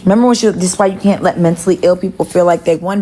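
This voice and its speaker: Fast and barely pausing, a woman with a warm, fairly low voice gossips her way through a rambling story on her livestream, swearing for emphasis and stressing words. There's a little hiss or hum in the audio.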